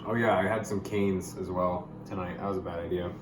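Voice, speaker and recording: A young man explaining money topics in a casual vlog, goofy and jokey, with sudden loud, excited bursts. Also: low-pitched, brisk, echoey room, noisy background. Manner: goofy, hyper bursts, calls viewers gamers. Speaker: YouTuber.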